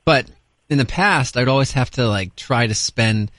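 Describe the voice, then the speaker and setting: A man co-hosts a radio show in casual banter, quizzing the others with skeptical wisecracks. His mid-pitched voice is close and dry in the studio. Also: moderate pace, a bit bright, dry recording.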